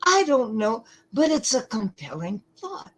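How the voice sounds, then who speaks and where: A woman giving lecture-style commentary, deliberate and emphatic, often pausing to ask rhetorical questions. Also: fairly high pitch, very animated, rough recording.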